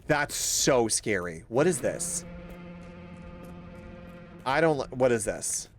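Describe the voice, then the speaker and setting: A young man streaming a horror game, swearing, yelping and laughing loudly whenever something startles him. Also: medium pitch, sing-song, drawn-out words, faint music behind. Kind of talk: live horror game playthrough.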